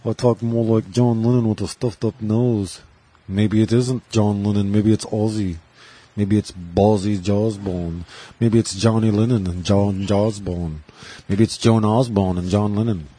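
A man's voice: on the low side, steady tone, measured pace, warm tone, breathy edge. A man voicing a rock singer reimagined as a Boston man, with a stuffy-nosed, slurred delivery and a put-on Boston accent. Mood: rambling. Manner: rambling, crude, sing-song.

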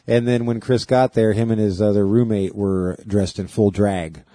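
A man's voice: fairly low pitch, steady tone, a little slow, dark tone, dry recording. A man who does stand-up comedy, telling a rambling story in casual chat and laughing along.

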